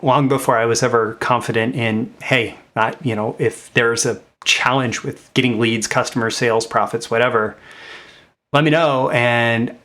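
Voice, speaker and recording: On his own channel, a man who is a marketing coach and host gives a casual motivational talk about mindset and business. His slightly bright voice is conversational at a moderate pace, with fairly even intonation that rises on key points, and he uses many fillers and restarts.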